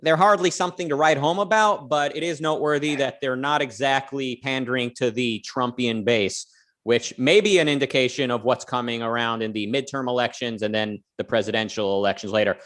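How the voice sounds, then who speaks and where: A man's voice: medium pitch, brisk, fairly bright tone. A man co-hosting a casual livestream, talking loosely and joking, with plenty of fillers and restarts. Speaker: co-host.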